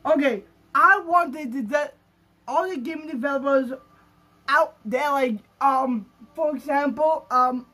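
A man's voice: extremely high pitch, takes it slowly, bright, forceful tone. A gaming YouTuber, a man, talking in an overexcited, gushing vlog style, rambling and restarting his sentences. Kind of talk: excited gaming vlog talk.

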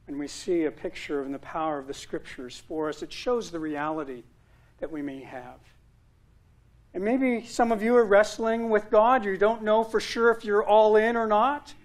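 A male pastor preaching a sermon, earnest, with emphatic repetition and rising stress on key words. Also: high voice.

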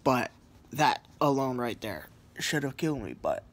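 A man's voice: medium pitch, sing-song, a little slow. A sleepy man lying on a couch at home, rambling in a casual vlog with lots of fillers and apologies. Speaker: vlogger.

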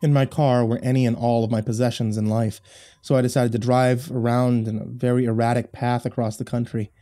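A man reading a first-person horror story aloud, measured with dramatic swells. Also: medium pitch, level tone, warm tone.

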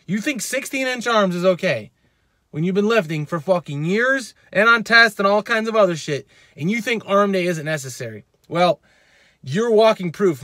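A man's voice: sits high, fairly bright tone, no room sound, clean studio sound. A male fitness channel host ranting in a vlog, heated and profane, repeating his points.

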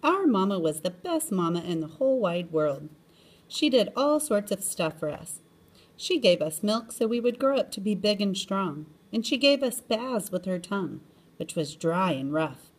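A woman reading a children's chapter book aloud in an expressive storytelling manner, often lifting her pitch. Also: slightly rough.

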